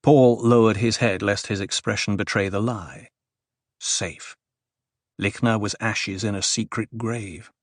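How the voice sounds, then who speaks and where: A man narrating an audiobook in a measured, grave manner. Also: fairly low pitch, steady tone, dry recording, clean studio sound. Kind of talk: scripted narration.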